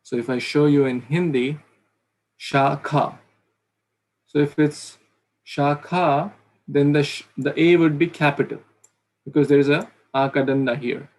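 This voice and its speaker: A man's voice: fairly high pitch, fairly even intonation, unhurried, long pauses, darkish tone. A man teaching pronunciation in an online class, patiently repeating sounds to demonstrate them. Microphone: video call.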